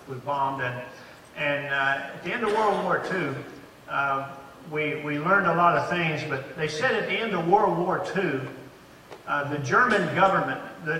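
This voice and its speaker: A man's voice: a little high, bright, forceful tone, a little hiss or hum. A man in his eighties preaching a sermon as a pastor, stressing points with rising emphasis and frequent restarts. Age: 80s. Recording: echoey hall, voice from far off.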